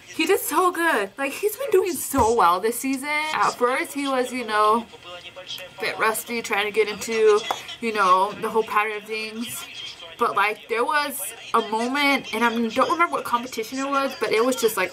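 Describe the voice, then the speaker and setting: A woman reacting live to a broadcast, excitable and emotional, gasping and sighing often and sounding close to tears. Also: on the high side, poor audio. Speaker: reaction vlogger.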